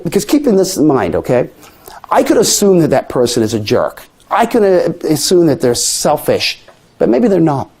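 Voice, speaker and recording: A man's voice: fairly high pitch, huge pitch swings, moderate pace, a little mellow, husky. An older man, a mentalist, lecturing a class on stage technique and acting out little scenes as he tells stories. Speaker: mentalist teaching magic.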